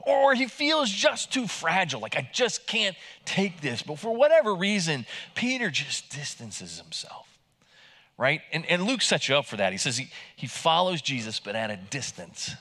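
A male pastor delivers a casual, conversational sermon, his pitch rising and falling in a lively way. His voice is bright and forward, and he stumbles and restarts often as he retells the story. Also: moderate pace. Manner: conversational, animated, many restarts, acts out quotes in raised voice.

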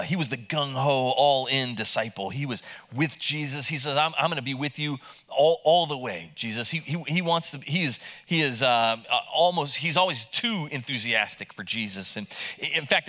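A man's voice: medium pitch, sharp tone. A man preaching a sermon in a conversational way, retelling scripture with many restarts and acting out the quoted lines. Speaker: pastor.

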